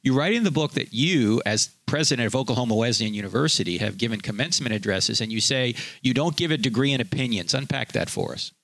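A man's voice: medium pitch, expressive, fast talker, gravelly, hardly any pauses, fairly bright tone, dry recording. Dry-sounding male radio host. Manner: conversational, with fillers and plugs for the guest. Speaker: radio talk show host. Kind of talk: radio interview.

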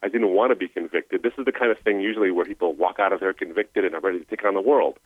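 Deep-voiced man on a phone line. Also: rapid-fire, slightly rough, no echo. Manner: earnest, emotional storytelling with restarts. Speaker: guest. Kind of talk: personal testimony.

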